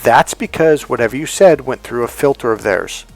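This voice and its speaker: A man's voice: medium pitch, moderate pace, soft background music. A man coaching on relationships in a casual talk, acting out both sides of conversations and often restarting his sentences. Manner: animated, acts out both sides of dialogues; frequent restarts and self-corrections. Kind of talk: casual teaching monologue.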